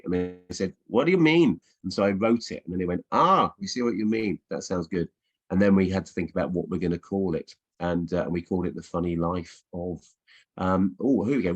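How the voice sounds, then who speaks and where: In a casual virtual Q&A with reading aloud, a middle-aged children's author speaks to schools over video from his home office. His deep voice is a little mellow with a breathy edge, and he's playful, with many ums and restarts.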